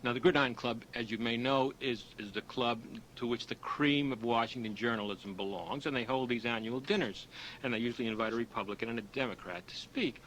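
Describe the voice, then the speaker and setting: A man's voice: mid-range voice, fairly quick, fairly bright tone, a little hiss or hum, low-quality recording. A man giving a lecture full of anecdotes, who tells his stories and raises his voice for the punchlines. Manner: storytelling, acts out punchlines with raised voice. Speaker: author giving a talk.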